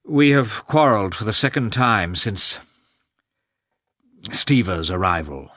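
A man's voice: on the low side, expressive, slow, sharp tone, no room sound, clean studio sound, heavily acted. A man voicing an earnest, gloomy young landowner in a storybook reading.

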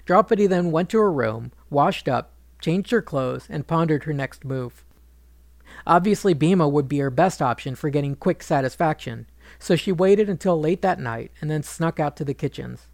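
A man narrating a retelling of an ancient epic in a measured, wry manner. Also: fairly high pitch, animated, creaky, no room sound, clean studio sound. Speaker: storyteller.

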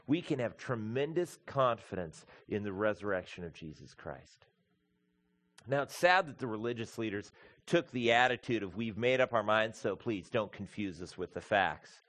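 A man's voice: on the low side, lively intonation, moderate pace, a bit bright. A man preaching a sermon as pastor, emphatic and building through lists of repeated words, addressing the congregation as folks.

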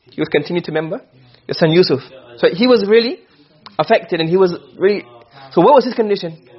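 Male teacher, high voice, husky, quick lecture, dull lo-fi recording. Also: lively intonation. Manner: quizzes the class with rapid questions, repeats himself. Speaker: Arabic rhetoric teacher. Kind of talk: classroom lecture.

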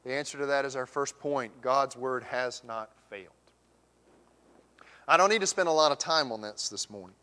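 A man preaching a sermon as pastor, swinging from emphatic raised questions to hushed near-whispers. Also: medium pitch, moderate pace. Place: church sanctuary. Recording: long church hall reverb.

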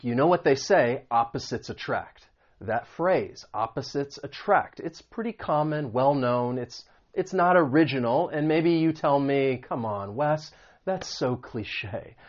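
A man's voice: mid-range voice, dull audio. A man teaching English vocabulary, explaining meanings and pronunciation patiently with spoken examples. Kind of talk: vocabulary lesson.

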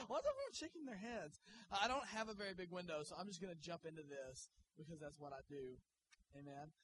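A man preaching a sermon in a church, joking and energetic. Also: high-pitched, moderate pace, a crowd in the background, low-quality recording. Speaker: guest pastor. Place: church sanctuary.

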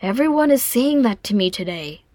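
A woman's voice: a little high, animated, moderate pace, mellow, dry recording, pitched above the performer's own voice, lightly acted. A woman reading a proud young male dwarf prince aloud, with a dry, wry delivery in a dry, close recording. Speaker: reader voicing a character. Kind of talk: audiobook fan fiction reading.

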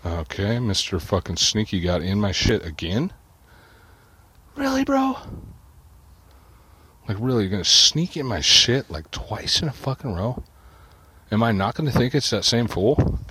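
A man's voice: on the low side, expressive, normal speed, bright, forceful tone, slight background noise. A man delivering an agitated, profane ranting monologue, swearing constantly and muttering to himself.

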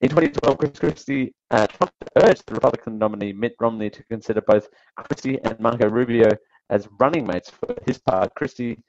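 Gravelly, wry male radio host. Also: medium pitch, lively intonation, brisk, a little mellow, no echo, highs cut off. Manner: wry, sarcastic asides with chuckles. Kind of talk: casual political commentary.

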